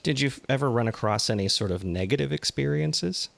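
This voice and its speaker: A man hosting a podcast, interviewing a guest with short, slightly halting questions and brief acknowledgements. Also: mid-range voice, animated, creaky, a bit bright. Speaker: podcast host.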